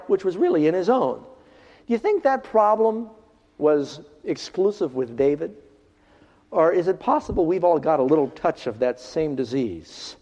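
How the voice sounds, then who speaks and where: A man delivers a sermon in a fairly high voice, rising to loud, emphatic lines and then dropping almost to a hush. The sound is dull and carries a long hall reverb, as in a church. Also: sing-song, moderate pace. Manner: preaching with big swings from raised outbursts to hushed lines. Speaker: pastor.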